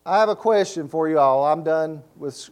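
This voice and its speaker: A pastor preaching a sermon, reading scripture aloud and breaking off for folksy asides and call-and-response questions. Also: male voice, a little high, normal speed, darkish tone, clear, resonant tone.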